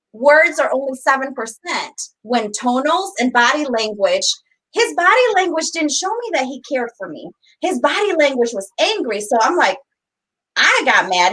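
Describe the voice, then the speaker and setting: High-voiced animated woman telling a story. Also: poor audio. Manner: animated, acts out quotes, talks over her partner. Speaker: podcast co-host. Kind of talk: casual storytelling chat.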